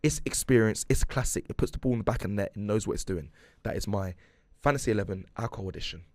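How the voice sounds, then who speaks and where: A man hosting a radio show from a studio, joking and playful with animated emphasis. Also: lowish voice, fast, no room sound. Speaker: radio host. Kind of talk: casual studio chat.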